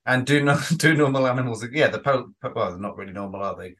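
A man's voice: mid-range voice, animated, fast, fairly bright tone, breathy edge. A man co-hosting a casual podcast chat, rambling with frequent restarts and some swearing. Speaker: podcast co-host.

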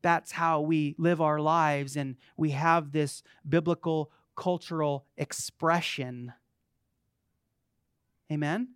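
High-pitched guy preaching in church, dry close sound, gets loud and pushy. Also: steady tone, slow, smooth, no echo. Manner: emphatic, calls out to the congregation. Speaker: pastor. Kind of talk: sermon. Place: church sanctuary.

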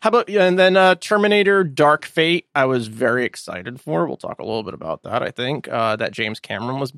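A man's voice: mid-range voice, lively intonation, brisk, fairly bright tone, dry recording, studio quality. A man hosting a podcast, chatting casually and rambling with fillers. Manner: rambling, loose, with many fillers and restarts. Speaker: podcast host. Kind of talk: casual chat.

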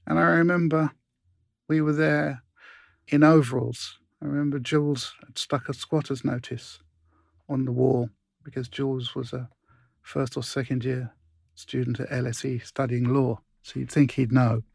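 A British man in his sixties, an interview guest telling anecdotes in a relaxed, rambling way. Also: medium pitch, normal speed, creaky, dry recording, clean studio sound. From Britain. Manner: relaxed anecdotal, restarts and asides. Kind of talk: storytelling in casual interview.

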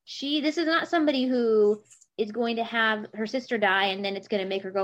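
Woman guest getting animated about a book, reads bits aloud, does little voices for quotes. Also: on the high side, brisk. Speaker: podcast guest. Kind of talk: casual literary discussion.

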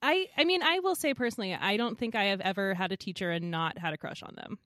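A woman's voice: medium pitch, fast talker, dry recording, clean studio sound. A young woman co-hosting a podcast, giggling often and acting out quotes as she talks. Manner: giggly, animated, quotes people. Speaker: podcast co-host. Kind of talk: casual film chat.

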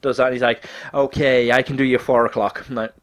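A man's voice: medium pitch, quick pace. A young man telling a story in casual chat, swearing freely and acting out what other people said. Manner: animated, swears often, acts out quoted dialogue.

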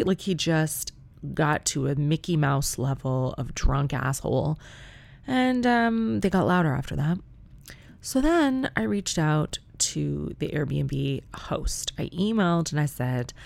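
Low, gravelly woman telling a comic story. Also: lively intonation, normal speed, dark tone, no room sound. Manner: chatty, profane, wry.

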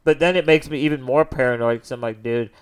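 A man's voice: medium pitch, steady tone, quick pace, smooth. A young man co-hosting a casual podcast chat, telling rambling, profane stories. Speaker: podcast co-host.

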